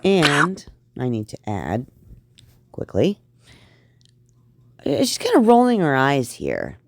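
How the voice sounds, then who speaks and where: A woman's voice: sits low, wildly swooping pitch, takes it slowly, very noisy. A middle-aged woman hosting reaction commentary, blunt and scornful, rambling through asides. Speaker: reaction channel host.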